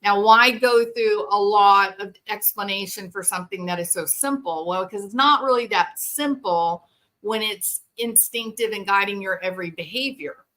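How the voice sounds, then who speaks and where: A woman hosting a talk show, explaining things casually and acting out parents and children in quick quoted voices. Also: mid-range voice, bright, forceful tone. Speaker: podcast host. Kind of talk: explanatory commentary.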